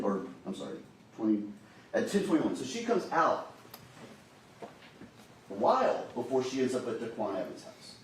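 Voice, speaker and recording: A man arguing a case to a jury in a large courtroom, speaking with emphatic urgency. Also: mid-range voice. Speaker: trial attorney. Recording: very echoey courtroom audio from a distant mic with faint hiss.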